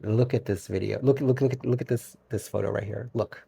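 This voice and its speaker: A man's voice: lowish voice, steady tone, fairly quick, vocal fry, mellow, breathy edge. A middle-aged man with a Brooklyn accent hosting a casual solo podcast, rambling and often restarting his sentences. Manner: rambling, self-correcting, chuckles often. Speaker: podcast host.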